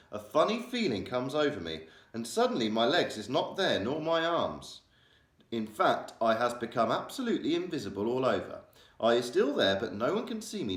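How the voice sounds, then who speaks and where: A male primary school teacher reading a children's novel aloud, changing his voice for the characters. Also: mid-range voice. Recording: echoey room.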